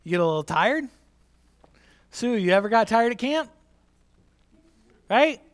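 A man preaching a sermon, animated and conversational, repeating his key line to the congregation. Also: very high-pitched, unhurried. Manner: conversational, many restarts and asides. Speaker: pastor.

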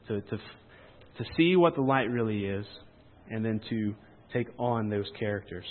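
A man preaching a conversational sermon at a family camp, with rambling, playful asides to the crowd. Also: mid-range voice. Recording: tinny phone-like sound with long hall reverb.

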